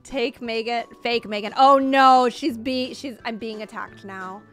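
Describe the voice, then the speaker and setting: Young woman streaming a game, high voice, nervous giggly rambling, faint music behind. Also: fairly even intonation, measured pace, a bit bright. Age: 20s. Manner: chatty, flustered, laughs nervously. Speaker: Roblox streamer. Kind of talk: live gameplay stream chat.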